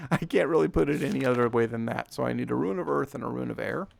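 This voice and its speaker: A man's voice: mid-range voice, brisk, creaky, no echo. A man with a scratchy voice giving casual, rambling gameplay commentary as a let's play host, chuckling at himself. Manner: rambling, self-deprecating, chuckles often.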